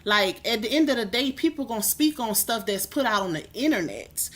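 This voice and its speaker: A sassy, animated woman hosts a casual livestream. Her voice sits a little high. She talks straight at her viewers from her home kitchen. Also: brisk. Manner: sassy, animated, calls viewers "baby" and "y'all". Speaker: livestream host.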